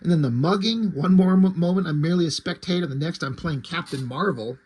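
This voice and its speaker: A man's voice: fairly high pitch, brisk, darkish tone, slight background noise, close to an everyday voice. A man reading as a baffled young brawler. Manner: baffled and exasperated. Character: bewildered young male street brawler.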